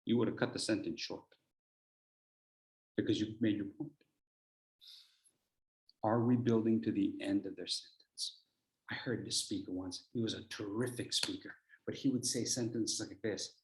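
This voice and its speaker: A man coaching public speakers in a workshop, swinging from loud bursts to near whispers. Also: fairly low pitch, fairly even intonation, normal speed, pauses often, echoey room. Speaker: speech coach. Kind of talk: workshop teaching.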